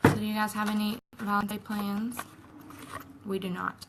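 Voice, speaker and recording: A woman's voice: mid-range voice, level tone, moderate pace, heavy background noise. A young woman chatting casually and earnestly while doing her makeup at home in a tutorial vlog. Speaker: makeup vlogger.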